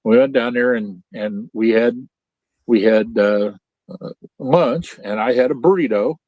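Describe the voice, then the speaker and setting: An older man from central Illinois chats in a folksy, rambling way, often restarting his sentences. His voice sits at a middle pitch. The sound is dry and close, with no room echo. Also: a little slow, dull audio. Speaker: podcast host. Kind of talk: casual chat. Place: home trailer. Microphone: Starlink video call.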